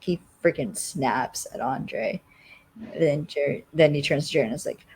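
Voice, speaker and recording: A podcast co-host casually recapping a TV episode, rambling and filling every pause with "like.". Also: medium pitch, darkish tone, slightly rough, poor audio. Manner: rambling, constantly says "like".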